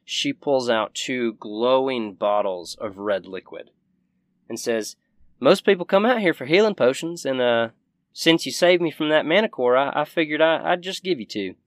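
A man voicing a gruff, misanthropic woman who brews potions, with a folksy, blunt and profane way of talking. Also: mid-range voice, expressive, moderate pace, no echo, studio quality, voice pushed up, natural voice. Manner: folksy, blunt, swears freely.

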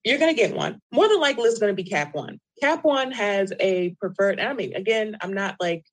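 A woman's voice: mid-range voice, animated, brisk, rough recording. A woman co-hosting a casual chat show, explaining practical money tips plainly with asides. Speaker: co-host.

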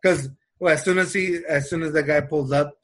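A man telling a story in casual chat, animated and acting out the people he quotes. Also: fairly high pitch, brisk. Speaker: storyteller in a conversation.

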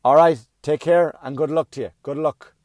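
A middle-aged man hosting his own podcast, delivering a loud, profane comedic rant. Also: fairly high pitch, fairly even intonation, normal speed, no echo, clean studio sound.

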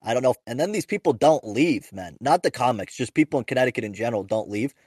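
A man's voice: medium pitch, animated, fast talker, a little mellow, husky, no room sound, studio quality. A young man, a podcast host and stand-up comic, telling rambling, profane stories with lots of restarts. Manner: rambling, profane, self-interrupting anecdotes. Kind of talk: casual podcast storytelling.

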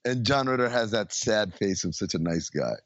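A man's voice: lowish voice, animated, normal speed, no room sound, muffled recording. A man co-hosting a podcast, chatting playfully about a film and acting out its lines. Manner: playful, acts out quoted lines. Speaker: podcast co-host. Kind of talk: casual movie podcast chat.

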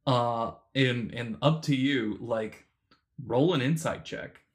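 A man narrating a tabletop game as game master, halting with many fillers and restarts. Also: mid-range voice, background noise.

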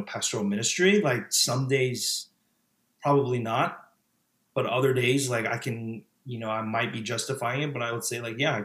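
A man in his thirties talks casually as a podcast guest. He reflects out loud, restarting phrases and leaning on fillers. His mid-range voice sits in a noticeably echoey room. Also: medium pitch. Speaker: podcast guest, former pastor. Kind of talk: casual conversational interview.

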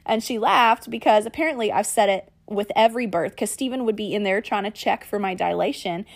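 A woman podcast host, telling a personal story in a lively way and calling her listeners y'all and guys. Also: medium pitch, brisk, vocal fry. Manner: animated, acts out quoted lines.

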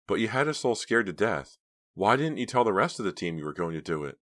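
A man's voice: on the low side, sing-song, fast, fairly bright tone, no echo, clean studio sound, voice pushed up. A man voicing a shaken teenage girl. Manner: shaky voice.

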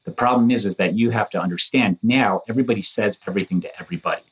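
A man in his thirties with a low voice talks through the episode in a relaxed, chatty way. He slips into playful acted-out quotes, jumping up in pitch as he goes. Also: racing, dull audio. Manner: animated, acts out quotes in shifting voices. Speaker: podcast co-host, former contestant. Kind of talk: casual chat.

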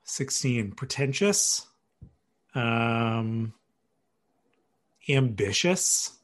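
A male podcast guest in easy, casual conversation. His pitch moves around a lot, and he laughs freely and jokes at his own expense. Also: animated, extremely slow. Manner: laughs often, easygoing and self-deprecating. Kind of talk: casual chat.

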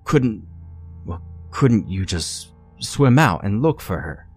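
A frail, grief-stricken old man, pleading through sobs in a deep, slow voice, as a male narrator puts him on. Each line comes out halting and desperate, a fragile voice in a horror story. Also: big pitch swings, a little mellow, slightly rough, faint music behind, exaggerated voice. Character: frantic frail elderly man, weeping, pleading.

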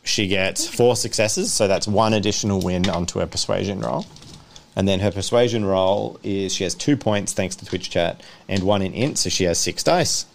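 Man, young, game master, low voice, chuckling, faint background clicks. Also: moderate pace, creaky, a little hiss or hum. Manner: chuckles through his narration. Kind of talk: narrating a tabletop game stream.

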